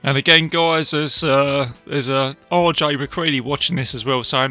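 A man casually recapping a film, chatty and enthusiastic, tossing in quick impressions of lines. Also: medium pitch, steady tone, pushed and bright, faint music behind. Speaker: film reviewer.

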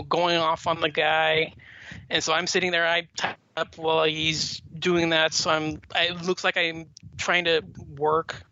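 A man's voice: fairly high pitch, bright, forceful tone, no room sound. A man talking as a podcast guest, telling a long story in a rambling way with many fillers and restarts. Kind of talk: casual chat. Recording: dull lo-fi audio with faint noise.

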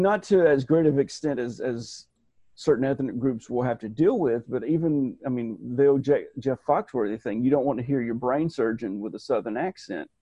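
A man co-hosting a casual podcast talks in a rambling, animated way, often restarting his sentences. His voice sits in a middle pitch. The recording is dry and a bit dull and muffled. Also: husky, no room sound. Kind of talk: casual chat.

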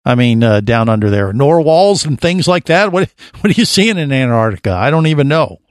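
A man's voice: medium pitch, sing-song, brisk, no echo, clean studio sound. A man hosting a diving radio show, asking rambling, chatty questions with lots of fillers. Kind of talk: casual radio interview.

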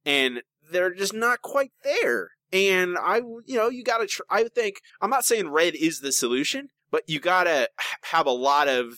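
A man co-hosting a podcast, chatting casually and opinionatedly while he circles back over his points. His voice is lively and bright, and the sound is dry. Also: sits high, normal speed, hardly any pauses, dry recording. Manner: animated, rambling, opinionated, with many restarts. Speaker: podcast co-host. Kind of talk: casual chat.

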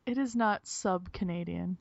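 A woman's voice: lowish voice, a little slow, gravelly, no room sound. Giggly Minnesotan woman podcast host. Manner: giggly, laughs often. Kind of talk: casual chat. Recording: dull lo-fi remote call.

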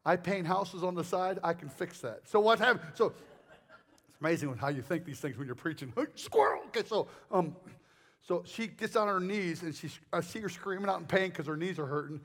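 A male preacher giving a sermon, telling stories in a rambling, animated way full of jokes and asides. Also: sits high, moderate pace.

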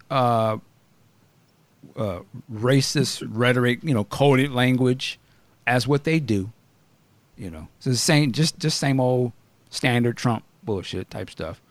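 A man hosting a podcast in casual chat, blunt and animated, often laughing and asking questions. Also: medium pitch, dry recording. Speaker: podcast host.

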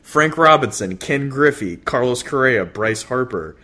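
A man co-hosting a podcast, talking baseball in a relaxed, chatty way with plenty of fillers and restarts. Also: medium pitch, a little slow. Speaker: podcast co-host. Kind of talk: casual baseball chat.

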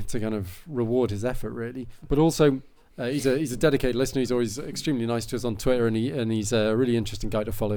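A man's voice: medium pitch, darkish tone. A man hosting a podcast, talking in a rambling, enthusiastic way with many fillers and restarts. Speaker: podcast host. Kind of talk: casual chat.

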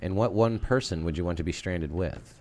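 A man's voice: deep voice, dark tone, dry recording. A man co-hosting a podcast, bantering and reading out listener questions. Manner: quick, joking banter. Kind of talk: casual chat.

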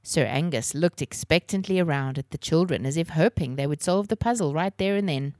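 A woman's voice: deep voice, a little fast, hardly any pauses, darkish tone, no echo, clean studio sound. A woman hosting a children's podcast and reading a novel aloud. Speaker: podcast host and reader.

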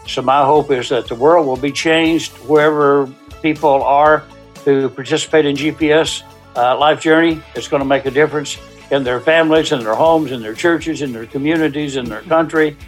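A man as a guest in an interview, earnestly describing the small-group workshops he leads, with unhurried, faith-driven conviction. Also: fairly high pitch, fairly even intonation, faint music behind. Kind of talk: interview answers.

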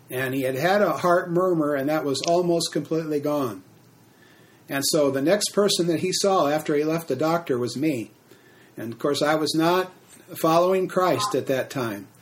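A middle-aged man preaching a sermon, telling a testimony at an unhurried pace with frequent fillers and restarts. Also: fairly high pitch. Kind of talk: sermon teaching.

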